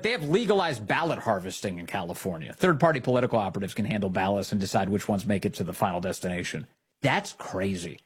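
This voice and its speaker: A man's voice: fairly low pitch, slightly rough. A man hosting a political talk show, delivering indignant commentary full of sarcastic rhetorical questions.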